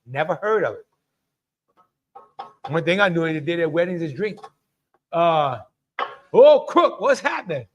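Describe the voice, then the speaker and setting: A man's voice: on the high side, sing-song, normal speed, long pauses, slight background noise. A middle-aged man hosts a live cooking stream in a chatty way, greeting viewers by name and laughing often. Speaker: cooking show host.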